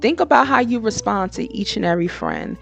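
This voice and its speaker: A woman's voice: mid-range voice, brisk, creaky, soft background music. A woman hosting her own podcast, giving frank, slangy advice in a casual monologue. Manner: frank, slangy and animated, switching into impressions. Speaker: podcast host.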